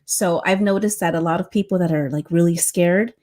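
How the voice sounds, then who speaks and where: A woman's voice: on the low side, brisk, warm tone. A woman who guides past-life regressions, telling a story in a chatty way full of fillers. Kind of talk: casual storytelling on a podcast.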